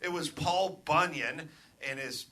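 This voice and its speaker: A middle-aged man hosting a live comedy podcast from a club stage, ranting with profanity and building to shouts. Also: fairly high pitch, a little slow. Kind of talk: live stand-up style rant.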